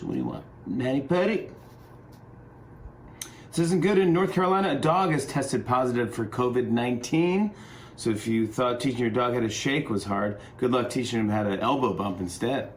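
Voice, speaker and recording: A middle-aged man, a talk show host, runs through a comedy monologue from his home. His voice sits at an ordinary male pitch, upbeat and joking, with a loose, rambling delivery full of fillers. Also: brisk, a little hiss or hum.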